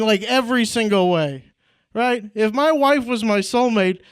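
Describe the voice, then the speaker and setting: A young man from Indiana works through a stand-up set on a club stage. His voice sits very high and comes across clean and resonant, picked up dry and close on a handheld mic. He leans on "like" and "right?" and chuckles at his own lines. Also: clear, resonant tone, dry recording. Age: young adult. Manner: fills with "like" and "right?", laughs at own jokes. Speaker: stand-up comedian.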